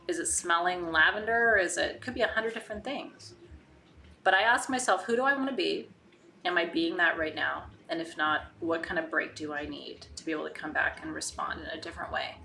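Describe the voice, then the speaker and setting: Bright-voiced woman teaching casually. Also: lowish voice, gravelly, a little hiss or hum. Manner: conversational, asks rhetorical questions and tags "right?"; candid, swears casually. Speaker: spiritual teacher hosting a live online ritual. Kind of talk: casual live-stream teaching, reading viewer comments.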